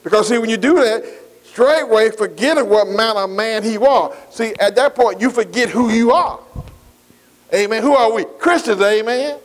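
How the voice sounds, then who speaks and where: A man's voice: high-pitched, normal speed. A man preaching a folksy sermon, calling out "amen" and asking the congregation for responses. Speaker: pastor.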